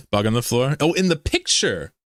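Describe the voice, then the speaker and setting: A man's voice: a little high, big pitch swings, measured pace, a bit bright, no echo, clean studio sound. A man hosting a casual livestream, rambling, laughing often and reading chat messages aloud. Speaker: livestream host.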